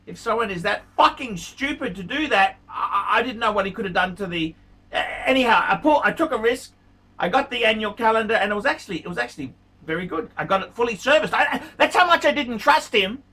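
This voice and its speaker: Ranting vlogger, male: furious, foul-mouthed, pitch leaping all over, bright edge to the voice. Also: lively intonation, quick pace, slightly rough, far from the mic. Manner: furious, swearing, repeats insults. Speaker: watch vlogger. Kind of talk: angry profane rant to camera.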